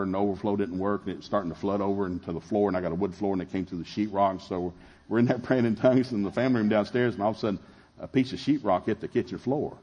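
A middle-aged man preaching a sermon, telling a family story with animated, shouted retellings. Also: on the low side, muffled recording. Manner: animated, shouting in acted-out scenes, laughing. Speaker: pastor.

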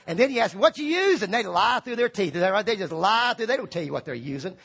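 A man preaching a lively sermon, acting out quoted voices and shouting for emphasis. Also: sits high, fast talker, creaky, husky.

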